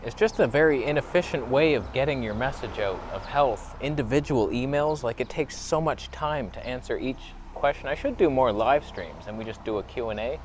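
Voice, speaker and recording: A man's voice: mid-range voice, expressive, moderate pace, hardly any pauses, slight background noise. A young man talking to camera in a rambling, earnest, half-joking confessional monologue, filming his own vlog. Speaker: vlogger.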